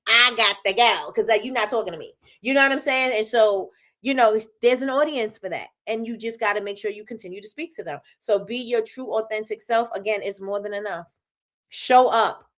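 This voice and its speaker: A woman from New York hosting a live stream, giving motivational talk to her viewers in a loud, animated way, laughing often and repeating lines for emphasis. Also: a little high, fairly quick. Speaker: livestream host.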